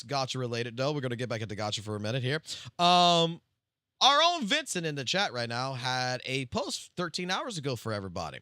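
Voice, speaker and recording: A male game streamer telling profane, animated anecdotes on a live stream. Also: mid-range voice, brisk, no echo, clean studio sound.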